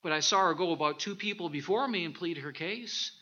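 A man, a minister, preaching a sermon with animated storytelling and scripture reading, on a dull lo-fi recording. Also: fairly high pitch, fairly quick.

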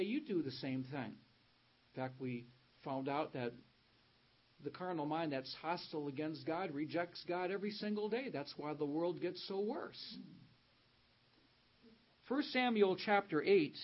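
Emphatic high-voiced man preaching. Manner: emphatic, rising on key words, reads scripture aloud. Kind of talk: sermon. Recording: dull lo-fi sound.

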